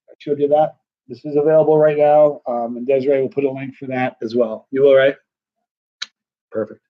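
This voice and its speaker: A man's voice: medium pitch, lo-fi sound. A middle-aged man hosting a hot-pepper challenge live stream, chatting casually and rambling through comments with lots of restarts.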